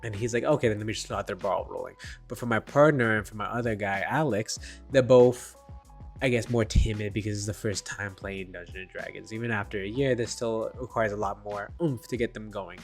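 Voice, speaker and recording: A man's voice: fairly low pitch, fairly even intonation, fairly quick, soft background music. Rambling, self-deprecating young man. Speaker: dungeon master. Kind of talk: casual talk to camera. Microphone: desk microphone.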